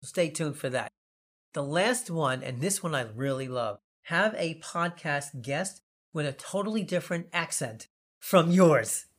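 A man's voice: fairly high pitch, animated, a little slow, a bit bright. Rambling Long Island man hosting. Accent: New York, Long Island. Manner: rambling, jokey, laughs often. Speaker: podcast host. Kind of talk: casual podcast chat.

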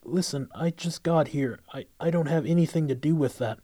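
A man's voice: on the high side, a little fast, warm tone, pitched above the performer's own voice, lightly acted. A man voicing a frightened young woman who stammers and hesitates in a storybook reading. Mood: anxious.

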